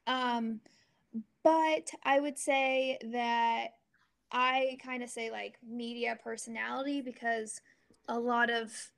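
Woman, 20s, from Oregon, interview guest, upbeat chatty, slightly high, gravelly fry. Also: fairly even intonation. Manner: chatty and upbeat, laughs often, quick asides. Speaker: guest, golfer and social media influencer. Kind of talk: casual interview chat.

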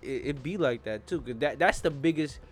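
A man in casual podcast chat, spinning slangy, profane stories with animated punch. His voice sits a little high for a man. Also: a little fast, soft background music.

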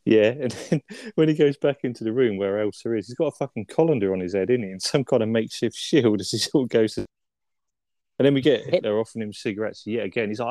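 Man, podcast co-host, relaxed and sweary, low voice, dry sound. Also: no echo. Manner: laid-back, swears often, asks tag questions. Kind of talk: casual film review chat.

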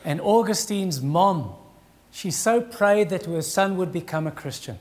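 Pleading pastor, high voice. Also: male voice, lively intonation. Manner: earnest pleading preaching with dramatic pauses. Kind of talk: sermon.

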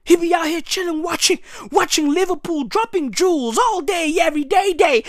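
A woman doing a loud, crude comic rant, shouting often and stretching her words for effect. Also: extremely high pitch, normal speed, few pauses, dry recording, clean studio sound. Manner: loud, exaggerated, crude ranting with frequent shouts.

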